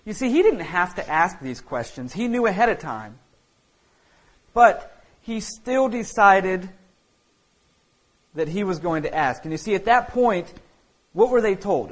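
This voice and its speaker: A pastor preaching in a loose, conversational way, full of fillers and restarts. His voice sits a little high for a man. He explains as he goes, speaking plainly from the pulpit. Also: expressive, unhurried, pauses often, poor audio. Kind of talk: sermon.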